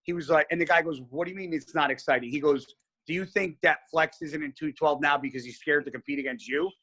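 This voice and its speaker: A man's voice: a little high, fast. A man as a podcast guest, telling stories in casual chat, blunt and heavy on profanity. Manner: blunt, profane, animated storyteller.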